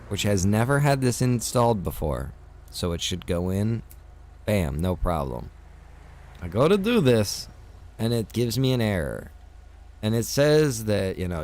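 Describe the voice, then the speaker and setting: A man talking casually to his stream viewers, venting and swearing while he tells a frustrated story. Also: fairly low pitch. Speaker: streamer and server owner.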